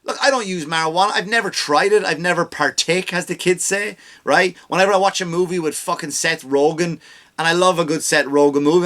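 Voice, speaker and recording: A man's voice: sits high, fairly bright tone. A man hosting a comedy podcast, ranting with heavy swearing and sarcasm, often mocking people in put-on voices. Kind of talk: profane comedic rant.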